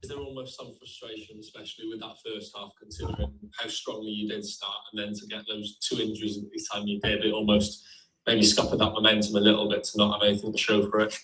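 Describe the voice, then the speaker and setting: Brisk bright-voiced male reporter. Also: fairly low pitch, little pitch movement. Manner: brisk, probing. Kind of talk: post-match interview questions. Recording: echoey, distant mic.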